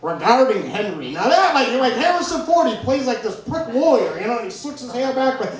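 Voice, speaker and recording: A man's voice: very high-pitched, sing-song, fairly quick, crowd noise. A man from New England doing stand-up, telling a rambling story full of "like" and restarts, laughing at himself. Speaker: stand-up comedian. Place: comedy venue stage. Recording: echoey room heard from far off.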